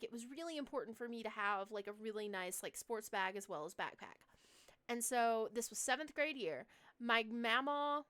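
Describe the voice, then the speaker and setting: A young woman with a bright, clear voice chats her way through a horror game stream. She rambles through a personal story, leaning on fillers and dropping curse words freely. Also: a little high. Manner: chatty, swears freely, many fillers. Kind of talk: casual storytelling while playing a horror game.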